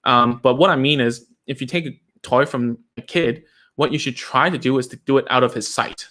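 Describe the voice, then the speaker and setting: A man's voice: medium pitch, normal speed, fairly bright tone. A man hosting a live question-and-answer session as a speech therapist, talking casually and filling his speech with "like" and "right?". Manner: chatty, uses many fillers like "like" and "right?".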